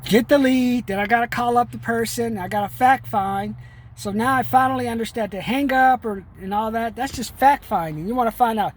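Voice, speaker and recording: A man's voice: high-pitched, brisk, a little hiss or hum. A middle-aged man talking to his camera in a loose, rambling way, streetwise and peppering his talk with "man". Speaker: vlogger. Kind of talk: casual rambling monologue.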